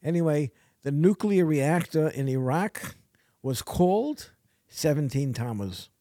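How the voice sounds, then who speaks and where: A man in casual podcast talk, rambling and halting with many restarts. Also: on the high side, lively intonation, dark tone, dry recording, clean studio sound.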